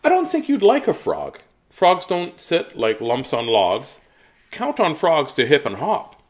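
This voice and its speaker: A man's voice: fairly high pitch, wildly swooping pitch, a little slow. A man reading children's picture books aloud in a playful, jokey way, with asides to viewers. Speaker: children's book reader.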